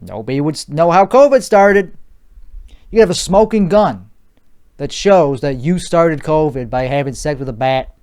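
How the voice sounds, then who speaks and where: A man's voice: on the high side, animated, normal speed, a little mellow, clear, resonant tone. A young man with a put-on Chicago accent hosting a solo comedy podcast, ranting in a rambling, profane, mock-bravado way. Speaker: podcast host.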